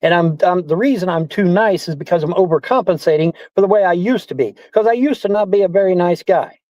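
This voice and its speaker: A man's voice: high-pitched, fast talker, a little mellow, no echo. A man ranting on a livestream, swearing a lot and repeating himself as he complains. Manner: profane, repetitive, indignant. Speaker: streamer. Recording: dull lo-fi stream audio.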